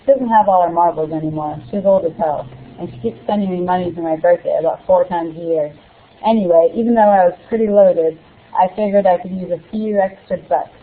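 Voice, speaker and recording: A woman's voice: lowish voice, brisk. A young woman, a student, introduces and reads a novel excerpt aloud, speaking casually with ums between sentences. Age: young adult. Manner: casual, with ums before reading. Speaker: student reader. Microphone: computer or phone call. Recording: tinny phone-like call audio.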